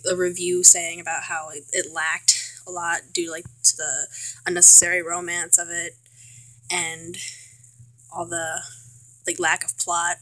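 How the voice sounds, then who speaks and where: A woman's voice: on the low side, sharp tone, no echo, low-quality recording. A young woman giving a casual film review for a vlog, chatty and full of fillers, with wry self-mocking asides. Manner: chatty, filler-heavy, trailing restarts. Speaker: student vlogger.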